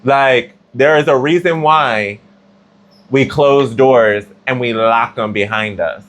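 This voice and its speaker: A man's voice: medium pitch, slow pace, a bit bright. A man giving a casual tarot reading, chatty and slangy, with plenty of filler words. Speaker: tarot reader.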